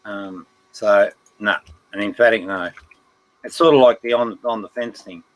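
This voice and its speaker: A man's voice: lowish voice, steady tone, normal speed, low-quality recording. A man hosting a casual livestream chat, laughing often, swearing freely and speaking emphatically. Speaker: livestream host.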